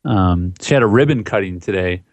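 A man co-hosting a podcast, chatting in a relaxed, easygoing way about his work. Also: low-pitched, a little fast, dry recording. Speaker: co-host, social media consultant. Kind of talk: casual chat.

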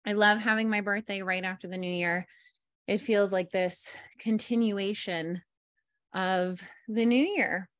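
A woman in her thirties, a podcast host and life coach, chatting upbeat and casually before slowing into a soft guided meditation at home. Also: medium pitch, fairly even intonation, no echo, clean studio sound. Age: 30s. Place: at home in a chair with her dogs.

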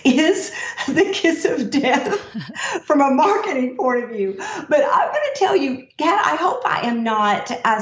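A woman guest author, effusive and quick to laugh, speaking from heart. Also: a little high. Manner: warm, effusive, laughs often. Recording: roomy, distant, dull remote line.

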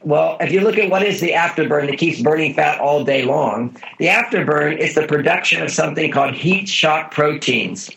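A man's voice: on the high side, normal speed, gravelly, hardly any pauses, a bit bright, a little hiss or hum. A man being interviewed as a guest author, explaining things in an earnest, instructive way and repeating his key points. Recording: dull lo-fi audio.

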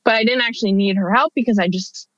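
Here a woman in her thirties talks quickly in a mid-range voice while sharing a personal story as an interview guest. Her delivery is chatty and conversational, peppered with fillers and restarts. There's no echo, and the sound quality is dull, dry lo-fi.

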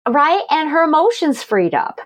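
A middle-aged woman, a guest author and energy healer, telling stories in a casual, animated conversation with frequent laughter. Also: sits high, normal speed. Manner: animated, laughing, acts out quoted voices.

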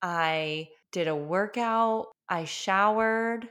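A woman's voice: medium pitch, drawn-out words, a bit bright, clear, resonant tone. A young woman telling her birth stories in a candid, chatty way, with many filler words and open emotion. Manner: emotional, openly honest. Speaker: podcast host. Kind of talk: candid personal storytelling.

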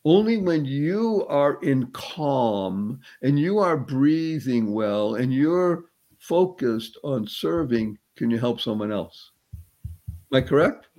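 A man giving an animated, uplifting motivational talk as a guest. He quizzes his listener playfully and slows and stretches words to stress a point. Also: mid-range voice. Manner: playful, teacherly, quizzes the host; spiritual, uplifting tone. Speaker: guest speaker.

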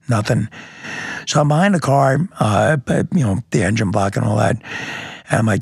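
A man's voice: medium pitch, lively intonation, moderate pace, vocal fry, husky, no echo, clean studio sound. A police lieutenant telling his story step by step in a podcast interview, vivid and blunt, with sound effects and the odd curse.

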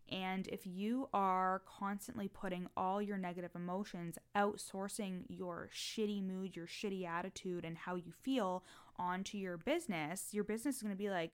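A woman mindset coach talks straight to her listeners in a solo podcast. Her voice is smooth and sits on the low side, and she swears freely. She slips into the self-talk she describes in quick, frank bursts. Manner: frank and profane, fast bursts, acts out inner voices.

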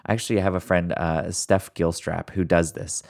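Deep gravelly-voiced man coaching listeners. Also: steady tone, darkish tone. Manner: earnest, encouraging, addresses listeners directly; fast talker who deliberately slows down at times. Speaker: podcast host. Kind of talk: motivational solo podcast talk.

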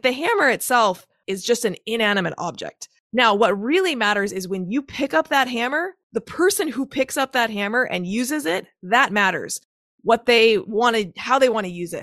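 A woman's voice: fairly high pitch, lively intonation, brisk, fairly bright tone, no echo, clean studio sound. A woman coach in her thirties, a guest on a podcast interview, explaining things step by step with examples and analogies. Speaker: guest, macro-counting coach.

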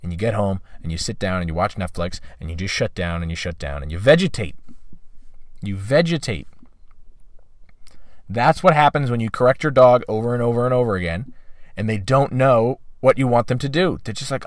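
A man giving a talk on dog training, emphatic and repetitive, acting out short quoted voices and clearing his throat now and then. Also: mid-range voice, lively intonation, moderate pace, long pauses, no room sound, clean studio sound. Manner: emphatic, repeats key phrases, acts out quoted voices.

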